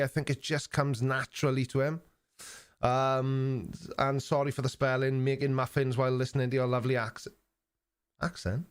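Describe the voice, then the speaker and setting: An older man from England chatting casually on his live stream, reading out viewer comments with dry, sarcastic banter. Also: medium pitch. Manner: dry sarcastic banter, mock-offended asides.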